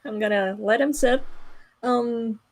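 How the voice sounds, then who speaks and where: A woman playing a tabletop role-playing game, talking casually in a quick, practical and lightly teasing way. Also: a little high. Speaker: player. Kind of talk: casual role-play chat.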